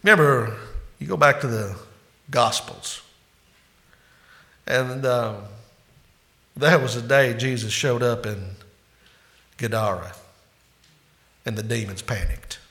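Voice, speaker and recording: A male pastor preaching with a bright, forceful voice. He builds to loud, emphatic peaks and then drops into hushed, intimate asides to his listeners. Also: mid-range voice, slow, long pauses. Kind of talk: sermon.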